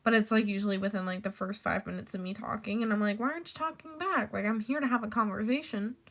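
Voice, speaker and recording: A young woman tells stories for a casual vlog, rambling along, swearing freely, and saying "like" constantly. Her voice is medium-pitched with fairly even intonation, and she talks fast.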